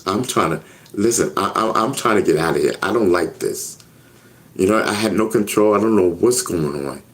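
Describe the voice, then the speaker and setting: Earnest low-voiced man telling a story. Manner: earnest, repeats himself, asks "you know what I mean?". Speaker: interview guest. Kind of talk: casual storytelling.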